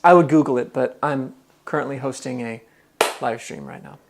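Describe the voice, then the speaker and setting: A man talks casually while cooking on a live stream in his home kitchen. He reads viewer comments aloud and thinks out loud between steps, easygoing and conversational. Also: medium pitch, moderate pace, gravelly, very noisy.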